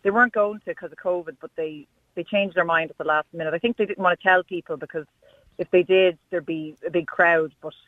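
A man's voice: high voice, fairly even intonation, fairly quick, no room sound. A man, calling in to a radio show and chatting with some hesitation. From Ireland. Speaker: caller. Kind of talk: casual phone chat. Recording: tinny phone line.

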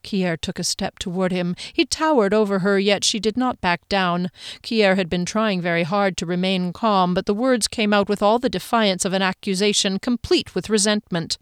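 Female audiobook narrator, measured and even, dry close sound. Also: mid-range voice, clear, resonant tone, no echo. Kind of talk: scripted narration.

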